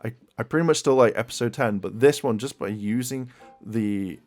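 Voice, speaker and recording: A man's voice: medium pitch, normal speed, soft background music. Rambling man reviewing an episode. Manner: rambling, many fillers and restarts, excitable. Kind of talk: casual video review.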